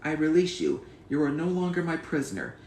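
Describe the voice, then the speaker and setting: A man voicing a lonely beast prince in a cartoon film, low and subdued. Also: big pitch swings, brisk, darkish tone, reverberant, slight background noise. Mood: tender.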